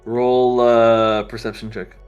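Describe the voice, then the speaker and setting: A man's voice: medium pitch, little pitch movement, takes it slowly, a little mellow, clear, resonant tone, muffled recording, faint music behind. Laid-back male game master. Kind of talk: narrating a tabletop game.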